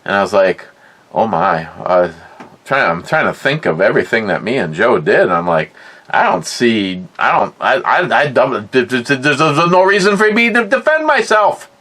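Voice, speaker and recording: A man's voice: on the low side, expressive, moderate pace, a bit bright. A middle-aged man telling a rambling, profane story in a casual way, often repeating his words. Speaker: podcast host.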